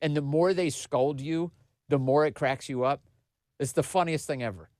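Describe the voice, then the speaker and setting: A man's voice: on the high side, normal speed, darkish tone, dry recording, clean studio sound. A man hosting a political commentary podcast, talking in a mocking, sarcastic way and laughing at what he covers. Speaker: podcast host.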